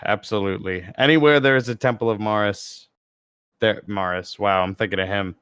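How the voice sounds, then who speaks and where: Relaxed man playing a tabletop game. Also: lowish voice, brisk, clean tone, no echo, clean studio sound. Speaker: player. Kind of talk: casual tabletop game chat.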